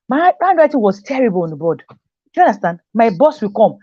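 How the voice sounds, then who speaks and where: A fairly high-voiced woman teacher gives a motivational talk, pressing her points home by saying them twice. The recording is dry and dull, with a muffled lo-fi sound. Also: big pitch swings, fairly quick, darkish tone, dry recording. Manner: repeats key phrases for emphasis, acts out quoted voices.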